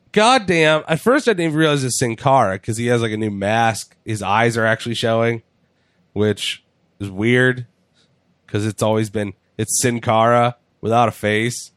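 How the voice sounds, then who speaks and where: A man talking casually on a podcast, joking and swearing as he goes. He slips into quick put-on voices when retelling scenes. The sound is dry and close, with no room around it. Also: mid-range voice, a bit bright, no echo. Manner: profane, jokey, acts out voices. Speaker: podcast host. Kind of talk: casual wrestling chat.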